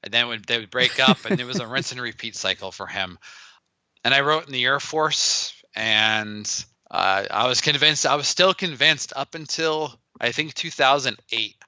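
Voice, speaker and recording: A man's voice: mid-range voice, normal speed, no echo. A middle-aged man telling stories in an interview, acting out the dialogue he quotes. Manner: animated, acts out quoted dialogue. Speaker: guest, business founder. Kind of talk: storytelling in a podcast interview.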